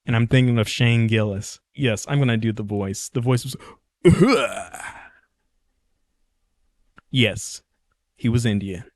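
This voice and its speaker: A man's voice: mid-range voice, steady tone, normal speed, no room sound, clean studio sound. A young man hosting his own podcast, talking casually in a rambling, jokey way and often correcting himself mid-sentence. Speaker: podcast host. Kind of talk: casual solo podcast monologue.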